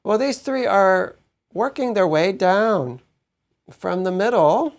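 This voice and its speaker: A man giving a measured Bible teaching to his congregation, often checking in with "right?". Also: sits high, animated, creaky. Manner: explanatory, measured, asks "right?" to listeners.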